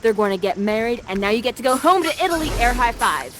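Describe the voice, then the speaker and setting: A woman's voice: fairly high pitch, animated, fast, over music. A woman narrating an interactive live stage show in a bubbly, playful manner while directing the audience.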